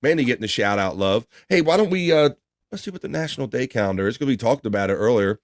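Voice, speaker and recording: A man's voice: medium pitch, lively intonation, fast talker, no room sound. A man from the Baltimore area with a Baltimore accent, hosting a casual livestream and reading viewer comments aloud in an easygoing, chatty way. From Baltimore area, United States. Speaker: livestream show host.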